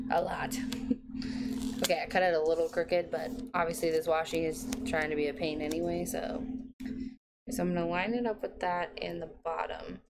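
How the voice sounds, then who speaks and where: A woman in her thirties from the United States with a low, gravelly voice chats her way through decorating a planner, half talking to herself with a dry, sarcastic edge. A steady hiss of noise sits under the recording. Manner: chatty, self-talking, mildly sarcastic. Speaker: planner vlogger. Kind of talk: casual plan-with-me narration. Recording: noisy home recording.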